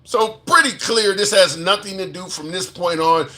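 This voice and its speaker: A man hosting a live commentary stream speaks with indignant emphasis. He reads out viewer comments and repeats his points to drive them home. His voice sits high and sounds bright and forceful. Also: moderate pace.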